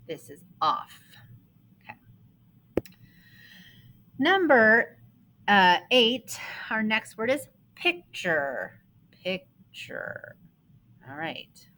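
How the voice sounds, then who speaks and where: A woman's voice: fairly low pitch, sharp tone, a little hiss or hum, rough recording. A woman teaching a phonics lesson to young children, patiently sounding out words and spelling rules.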